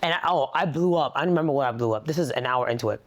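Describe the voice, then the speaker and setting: A young woman telling a personal story in a therapy session, animated and blunt, swearing freely. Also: a bass voice, rapid-fire. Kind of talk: casual storytelling.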